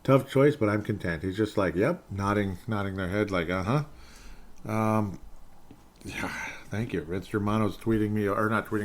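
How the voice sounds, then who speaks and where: A man hosting a solo sports podcast, reading fan messages and ranting in an animated, sarcastic way. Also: on the low side. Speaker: podcast host.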